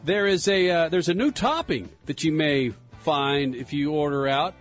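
A man's voice: fairly high pitch, moderate pace, faint music behind. A man hosting a radio show, reading odd news items in playful, casual banter. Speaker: radio host.

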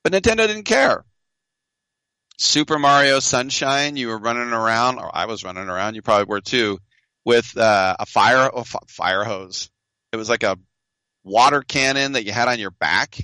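A man in his fifties hosting a casual game talk show, animated and jokey, with quick asides and playful mock dialogue. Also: mid-range voice, clean tone, no echo. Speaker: video game show host. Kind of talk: casual chat about games.

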